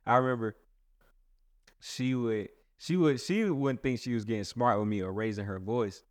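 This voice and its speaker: A man's voice: mid-range voice, normal speed, dry recording. A man, a pastor hosting a casual chat, who talks in a rambling way with many restarts. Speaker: pastor and host.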